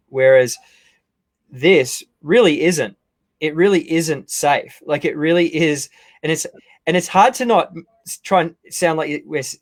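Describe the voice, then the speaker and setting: A man hosting a casual interview, enthusiastic and repeating words as he thinks. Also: medium pitch. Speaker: host.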